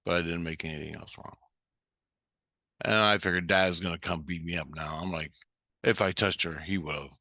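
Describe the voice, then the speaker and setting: A man's voice: deep voice, fairly even intonation, moderate pace, long pauses, bright, forceful tone, no room sound, clean studio sound. A man telling a story in a blunt, heated way, swearing constantly. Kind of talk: casual storytelling.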